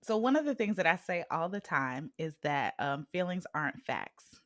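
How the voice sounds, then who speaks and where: A woman's voice: fairly low pitch, very animated, normal speed, fairly bright tone, dry recording, studio quality. A woman in her thirties hosting an interview, chatty and thinking aloud as she asks questions, laughing often. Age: 30s. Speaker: podcast host. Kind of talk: casual interview chat.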